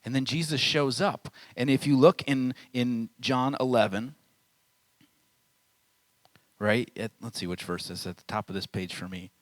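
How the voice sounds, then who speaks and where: A man in his thirties preaches at a camp, telling the story in a loose, conversational way. His voice sits at an ordinary middle pitch. The sound is dry and close, with almost no room echo. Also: measured pace, long pauses. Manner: casual storytelling, acts out quoted voices. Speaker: camp speaker. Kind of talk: sermon.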